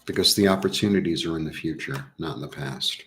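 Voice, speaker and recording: Deep-voiced guy doing a live tarot stream, rambly and chatty, middle-aged. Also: fast talker, a little hiss or hum. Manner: chatty, rambling, animated asides. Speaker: tarot reader.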